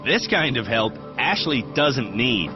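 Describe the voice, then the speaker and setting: A man's voice: mid-range voice, very animated, a little slow. A man hosting and narrating a TV show in a wry, dryly humorous scripted voice. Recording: dull lo-fi TV audio with music.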